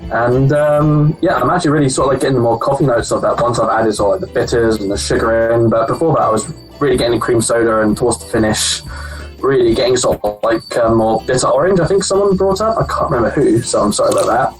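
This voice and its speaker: A man who mixes cocktails for a living, calling in from his room at home and talking in a relaxed, hesitant way. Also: medium pitch, quick pace, faint music behind, low-quality recording. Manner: relaxed, hesitant, many ums. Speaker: bartender guest. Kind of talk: casual chat on a video call.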